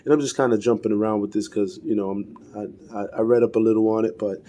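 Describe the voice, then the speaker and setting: A man's voice: on the low side, steady tone, quick pace, dark tone, a little hiss or hum. A man casually reviewing an action figure, rambling with many fillers and restarts and stumbling over names he can't pronounce. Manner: self-deprecating, fumbles pronouncing names. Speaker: toy reviewer. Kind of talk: casual unscripted toy review.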